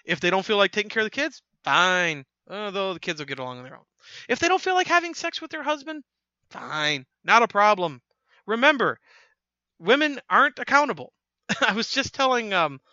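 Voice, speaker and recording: A man with a high, very lively voice delivers an opinion commentary in an emphatic, preachy way, often stumbling and restarting. His tone is sharp and bright, the sound close and dry. The recording is slightly dull and lo-fi. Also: clean tone, dry recording. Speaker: host.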